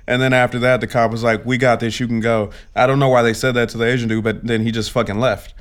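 A man's voice: mid-range voice, little pitch movement, fast talker, clean tone. Give me a man casually telling a heated, profane story in a mid-range voice. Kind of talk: casual chat.

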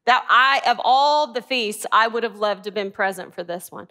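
A woman's voice: fairly high pitch, moderate pace, sharp tone. A woman teaching a Bible class, asking the group questions and answering them herself.

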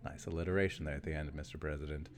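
A cartoon bird news anchor, played by a man, reading the news with a smooth broadcast delivery. His voice is very low. There is faint noise behind it. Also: fairly even intonation, very fast. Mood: newsy.

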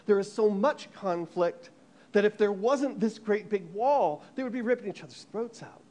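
With a high voice, an American preacher delivers a lively sermon. He tells a story, often restarting and repeating his words.

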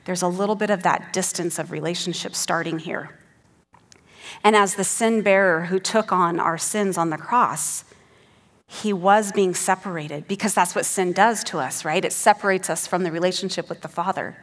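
A woman's voice: lowish voice, moderate pace, in a large hall. A woman giving an earnest sermon who teaches the passage and reads scripture aloud with rising emphasis. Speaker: preacher.

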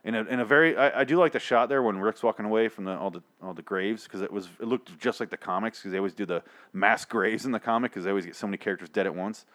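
A man's voice: lowish voice, fast talker, fairly bright tone. A young man podcaster ranting in a casual, profane recap, rambling with many restarts.

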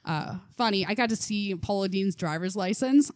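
A woman's voice: mid-range voice, normal speed, no room sound, clean studio sound. A young woman chatting as a podcast guest, telling stories with lots of laughs and filler words. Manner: animated storyteller, laughs often, many ums. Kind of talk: casual chat.

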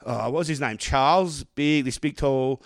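A man's voice: medium pitch, moderate pace, no room sound, clean studio sound. A man with an Australian accent, co-hosting a podcast and telling a sweary anecdote in casual chat. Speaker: podcast co-host.

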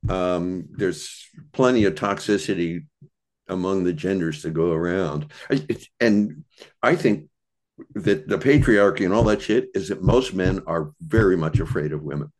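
A man's voice: low-pitched, a little slow, a little mellow. A man talking as a podcast guest in casual conversation, reflective and searching for his words.

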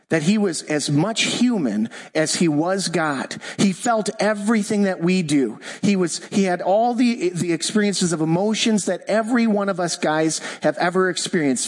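A fifty-something man delivers a sermon with a fairly high, bright-pitched voice. He preaches with emphasis, repeating key lines and slowing right down for scripture and solemn declarations. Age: 50s. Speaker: pastor. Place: church.

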